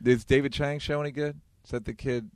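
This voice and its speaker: A man co-hosting a loose interview, asking rambling questions laced with swearing. His voice sits at a middling pitch and sounds close and dry. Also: steady tone, fairly quick, no echo. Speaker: co-host. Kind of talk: casual interview banter.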